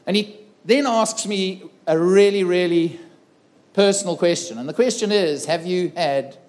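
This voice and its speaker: A middle-aged man from South Africa tells a personal story from a festival stage. His voice sits fairly high, and he delivers it earnestly, acting out the dialogue. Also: moderate pace, darkish tone. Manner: earnest, dramatic retelling with acted-out dialogue. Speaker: keynote speaker. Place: festival stage before a live audience.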